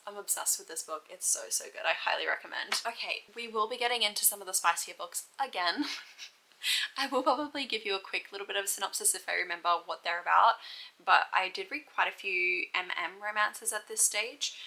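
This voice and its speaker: Woman, Australian accent, young adult, casual book chat, bright tone, gushing. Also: medium pitch, gravelly, poor audio. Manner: chatty, gushing, laughs often. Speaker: book vlogger.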